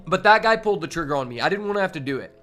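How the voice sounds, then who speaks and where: A man with a slightly high voice streams a card game, chatting loosely to his viewers. He swears freely and gets worked up over his draws, with soft music playing underneath. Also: very fast. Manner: profane, excitable, talks to chat. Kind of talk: casual live-stream commentary while playing.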